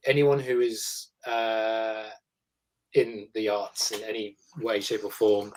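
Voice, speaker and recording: Actor giving earnest advice. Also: male voice, on the low side, little pitch movement, slow, darkish tone, poor audio. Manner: joking interjections, then earnest advice. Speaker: actor guest. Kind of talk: casual chat with advice.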